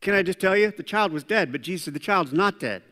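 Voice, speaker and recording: A man preaching a sermon as pastor, animated, swinging between loud preaching and quiet asides. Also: high voice, fast. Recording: long hall reverb.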